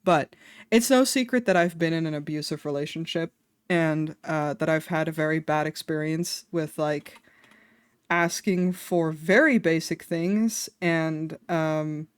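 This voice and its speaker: A woman streamer chatting casually on a live stream, self-deprecating and quick to laugh. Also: deep voice, clean tone, no echo. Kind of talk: casual livestream chat.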